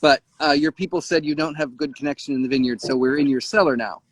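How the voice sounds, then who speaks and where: A man's voice: on the high side, steady tone, fast, no room sound. A man hosting an online interview on a video call, asking loose questions full of fillers. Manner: casual, filler-heavy questions. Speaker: host.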